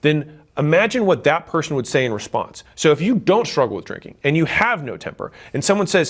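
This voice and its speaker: A man's voice: fairly high pitch, sing-song, brisk, hardly any pauses. A man in his thirties giving blunt, emphatic advice straight to camera, swearing for emphasis and acting out what relatives say. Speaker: business creator giving advice. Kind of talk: direct-to-camera advice talk.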